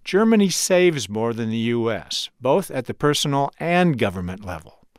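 Lively-voiced male radio correspondent. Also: medium pitch, no echo, studio quality. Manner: measured, clear news delivery. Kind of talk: scripted news report.

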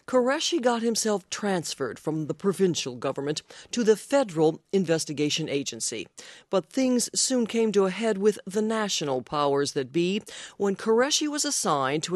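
A woman reporter narrating a radio news story in a measured voice. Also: on the low side, no echo.

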